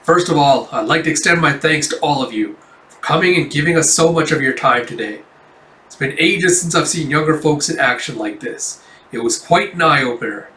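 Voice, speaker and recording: A man's voice: on the high side, moderate pace, sharp tone. A man reading the lines of a grumpy old storytelling master who speaks in curt, dismissive, formal sentences. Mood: cold. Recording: roomy, distant mic.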